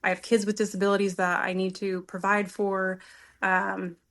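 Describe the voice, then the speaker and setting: Woman, podcast guest, earnest, emotional, mid-pitched voice, halting personal storytelling. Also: flat delivery, a bit bright. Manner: earnest, emotional, searching for words.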